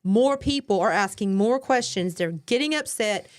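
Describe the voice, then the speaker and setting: A woman co-hosting a talk show, who backs her partner up with quick words of agreement and exclamations. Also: medium pitch, animated. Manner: affirming, interjects agreement. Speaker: co-host. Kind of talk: casual political commentary.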